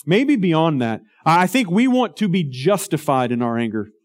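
Man, pastor, sermon, earnest, emphatic, rhetorical questions, slightly high voice. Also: big pitch swings, normal speed.

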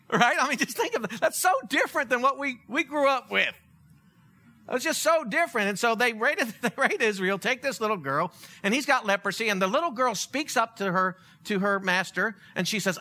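Male pastor, sermon, animated storyteller: high, lively pitch. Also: fairly quick. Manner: animated storytelling, acts out characters.

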